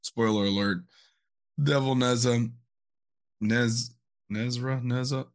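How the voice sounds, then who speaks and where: A man's voice: mid-range voice, creaky, a bit bright. A man co-hosting a casual podcast about comics, laughing often and stumbling a little when reading aloud. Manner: laughs often, reads synopsis haltingly. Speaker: podcast co-host. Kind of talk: casual chat.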